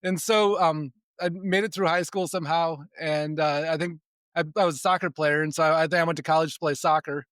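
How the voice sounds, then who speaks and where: A man in his forties with a slightly high voice, telling stories from his life as a podcast guest. He speaks casually, often restarts and repeats words, and chuckles now and then. The recording is close and dry. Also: fairly even intonation, fairly quick, fairly bright tone, clear, resonant tone, no room sound. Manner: chuckles between sentences. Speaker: podcast guest, spiritual development coach. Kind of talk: casual storytelling in conversation.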